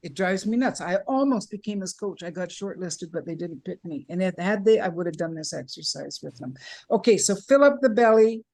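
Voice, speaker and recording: Woman from Canada, voice coach, lively online workshop leader demonstrating breath and sounds. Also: on the low side, a little fast. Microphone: video call.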